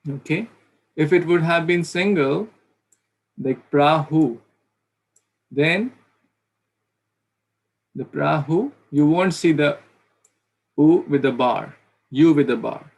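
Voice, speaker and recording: A man's voice: fairly high pitch, takes it slowly, creaky, long pauses. A man teaching pronunciation in an online class, patiently repeating sounds to demonstrate them. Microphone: video call.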